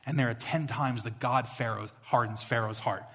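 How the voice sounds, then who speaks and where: A male pastor preaching a sermon that moves from quiet to emphatic, repeating key lines. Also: medium pitch, steady tone, normal speed, breathy edge. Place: church. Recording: echoey church hall.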